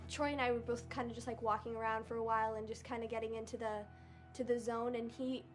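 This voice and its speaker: Sex: woman. Role: actor. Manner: reflective. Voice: somewhat high and flat. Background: music. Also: fast talker. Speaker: actor interviewed.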